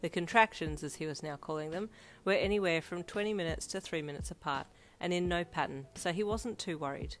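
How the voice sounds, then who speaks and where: A woman reading fanfiction aloud in a steady storybook narration. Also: lowish voice, fairly quick, few pauses. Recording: soft lofi piano behind.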